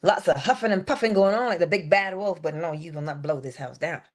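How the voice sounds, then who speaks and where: A woman giving a morning motivational talk, dropping at times into a soft whisper and drawing out key phrases slowly. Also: on the low side. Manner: shifts between full voice and soft unvoiced whisper; drawn-out, emphatic delivery with slowed phrases. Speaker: inspirational speaker.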